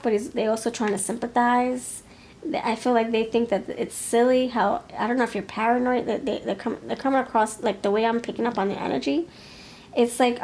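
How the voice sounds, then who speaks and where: A woman with a somewhat high, slightly mellow voice gives a pick-a-card tarot reading. She muses and hesitates as she goes, laughing often.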